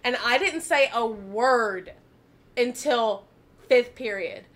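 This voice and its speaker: High-voiced woman telling a story, laughing. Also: slow pace. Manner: animated, laughing and swearing often. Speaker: podcast host. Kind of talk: casual storytelling.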